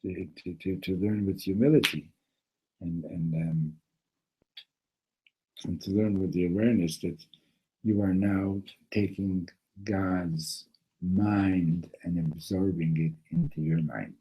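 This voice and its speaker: A man teaching a Torah class, an animated storyteller who acts out the characters' voices. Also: sits low, slow, husky, highs cut off.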